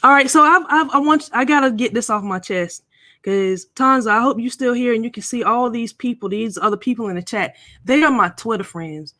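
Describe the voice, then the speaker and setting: A woman's voice: on the high side, brisk, bright, forceful tone, no echo, studio quality. A middle-aged woman hosting a casual live stream, chatting and playfully teasing viewers.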